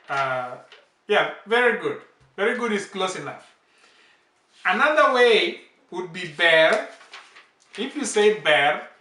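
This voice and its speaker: A man hosting a language channel, patiently explaining words with slow, repeated examples. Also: high voice, bright, forceful tone. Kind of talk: casual language lesson. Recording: roomy echo, distant from the mic.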